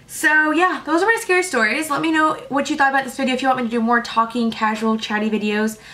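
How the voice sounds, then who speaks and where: A woman's voice: high-pitched, steady tone, fast talker, pushed and bright. A young woman in her late teens telling stories to camera in a chatty, filler-heavy way, filming at home at night. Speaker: vlogger. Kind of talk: casual storytelling to camera.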